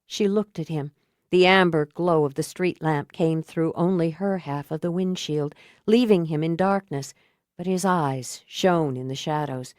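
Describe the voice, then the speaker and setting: A woman narrating a thriller audiobook in a measured, even storytelling manner. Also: deep voice, no echo, clean studio sound. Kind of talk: scripted narration.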